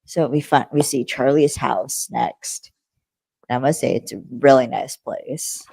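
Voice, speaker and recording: A woman's voice: a bass voice, measured pace, creaky, warm tone, slightly rough, dry recording, low-quality recording. A young woman co-hosting a podcast, retelling a TV episode's plot in a rambling, chatty way with frequent fillers. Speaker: podcast co-host. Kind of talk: casual episode recap chat.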